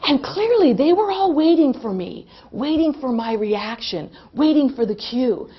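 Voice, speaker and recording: Middle-aged woman, animated comic storyteller, fairly high voice, slightly muffled audio. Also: unhurried, breathy edge. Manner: animated, laughs through the telling. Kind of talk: humorous personal anecdote.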